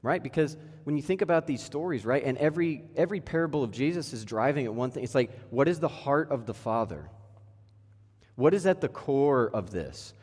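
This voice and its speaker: A man's voice: medium pitch, expressive, brisk, darkish tone. A man in his thirties preaching a sermon in a church, casual and conversational, full of rhetorical questions. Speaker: pastor. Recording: echoey church hall.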